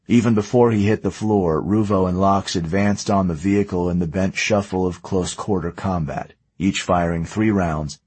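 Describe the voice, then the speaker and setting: A man reading a story aloud in a measured, steady way. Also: low-pitched, slightly rough, no room sound. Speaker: audiobook narrator. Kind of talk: scripted narration.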